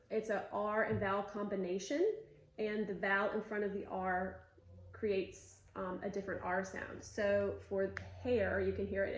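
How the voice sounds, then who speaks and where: A patient woman teacher coaches speech sounds in short cues and slow, drawn-out demonstrations. Her mid-range voice carries a noticeable room echo. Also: mid-range voice. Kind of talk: instructional demonstration. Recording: roomy echo.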